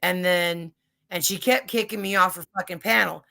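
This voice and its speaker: A woman's voice: on the low side, moderate pace, gravelly, bright, forceful tone. A woman hosting a casual livestream chat, telling rambling stories full of swearing. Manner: profane, rambling storytelling. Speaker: livestream host.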